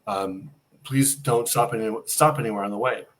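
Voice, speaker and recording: A man's voice: lowish voice, normal speed, slight background noise. A middle-aged man telling a personal story as an interview guest, acting out the dialogue he quotes.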